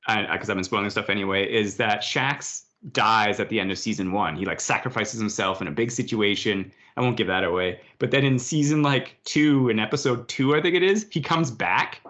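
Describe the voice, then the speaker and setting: A man hosting a podcast, chatting casually and retelling scenes with quick put-on voices. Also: on the low side. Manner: rambling, animated retelling with quoted voices. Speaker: podcast host. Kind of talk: casual chat. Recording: dull lo-fi podcast audio.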